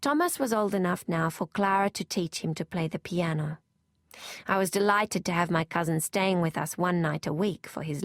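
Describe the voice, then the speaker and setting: A woman narrating a novel aloud in first person, in a measured, even manner. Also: on the low side, no room sound, clean studio sound. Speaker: audiobook narrator.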